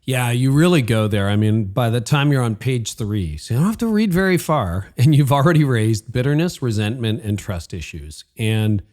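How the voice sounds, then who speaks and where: A man's voice: medium pitch, lively intonation, moderate pace, few pauses, darkish tone. A middle-aged man hosting an interview podcast, affirming his guest with enthusiasm and acting out his own inner voice as he tells anecdotes. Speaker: podcast host. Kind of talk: conversational interview.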